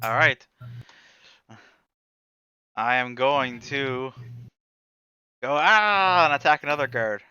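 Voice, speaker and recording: A man playing a tabletop game, relaxed and jokey about his character's attacks. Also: mid-range voice, takes it slowly, long pauses, clean tone, muffled recording. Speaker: player. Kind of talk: casual tabletop game talk.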